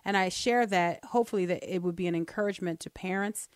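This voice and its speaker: A woman co-hosting a Christian talk show, earnestly teaching from the Bible and slowing down to read verses aloud. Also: on the low side, clean tone, dry recording, clean studio sound. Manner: earnest, explains step by step, slows down to read verses.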